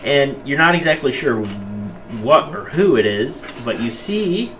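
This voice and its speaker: A man's voice: mid-range voice, lively intonation, slow, a bit bright, a little hiss or hum. A man running a tabletop game as game master, narrating casually with many fillers.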